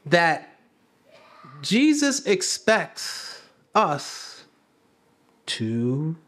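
Lively conversational preacher man. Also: fairly high pitch, extremely slow. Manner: conversational, asks the congregation questions; repeats phrases for emphasis. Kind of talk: sermon. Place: church.

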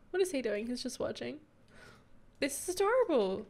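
A young woman chats through her gameplay in a casual, giggly way, gushing and easily moved. Her voice sits a little high and swoops all over, with a gravelly edge. Soft game music plays faintly under her. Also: sing-song, moderate pace, long pauses, background noise. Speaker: gameplay commentator. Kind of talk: casual let's play commentary.

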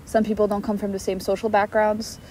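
A woman's voice: medium pitch, monotone, fairly quick, a little mellow, poor audio. A young woman talks casually as a podcast co-host. She is reflective and works her thoughts out aloud with fillers. Faint noise sits in the background. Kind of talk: casual chat.

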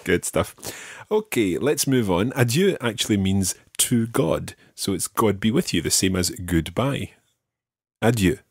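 A man's voice: fairly low pitch, lively intonation, measured pace, breathy edge, no echo, studio quality. A man teaching beginners in a podcast lesson, patiently explaining each phrase step by step and modelling its pronunciation. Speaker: language teacher.

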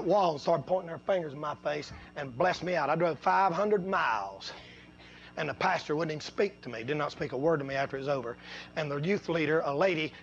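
A man preaching a sermon, telling folksy stories and swinging between low, quiet asides and loud, drawn-out preaching. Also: lo-fi sound. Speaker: pastor.

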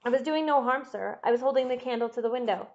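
A woman's voice: on the high side, fast, a little mellow, lo-fi sound, pitched above the performer's own voice, natural voice. A woman voicing a frightened, secretive male butler who pleads with his master, in an audiobook reading. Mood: pleading. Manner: pleading, agitated.

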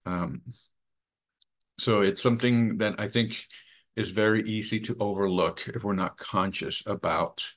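A man presenting a training webinar in an earnest, measured way, with many fillers. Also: on the low side, fairly even intonation, fairly bright tone. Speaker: webinar presenter for a sexual assault coalition.

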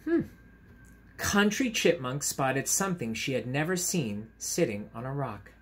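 A teacher reads a picture book aloud to children in a soft, gentle voice, with a middling pitch for a man. He keeps pausing to chat about the pictures and his own pets. A faint noise sits under the voice. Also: big pitch swings. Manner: gentle, chatty, pauses to point out pictures. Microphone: camera.

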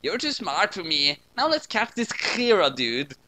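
A man's voice: high voice, very animated, measured pace, sharp tone, voice pushed up, full character voice. A man voicing a chatty, offhand woman desk clerk.

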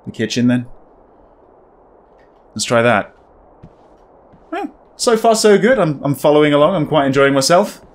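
A man's voice: on the high side, expressive, moderate pace, long pauses. A man giving casual, wry commentary while playing a horror game, thinking aloud. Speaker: gaming video creator.

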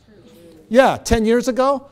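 In an event hall, a middle-aged motivational speaker delivers his talk in a very high-pitched, clean voice at a slightly slow pace. He tells stories with animation, performing each character's voice.

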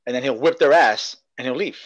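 A man's voice: medium pitch, brisk, no echo, rough recording. Laughing, rambling man on a podcast. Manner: laughs often, rambling, excitable. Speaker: podcast co-host. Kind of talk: casual chat.

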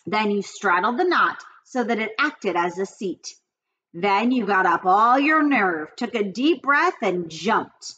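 Lively woman reading a children's book aloud. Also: mid-range voice, unhurried, dull audio, slight background noise. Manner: lively, expressive reading with character voices. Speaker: read-aloud storyteller.

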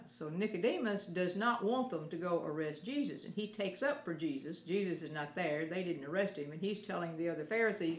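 A woman teaching a children's Sunday school lesson, gently explaining things step by step as she talks to children. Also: on the low side, lively intonation, measured pace, reverberant.

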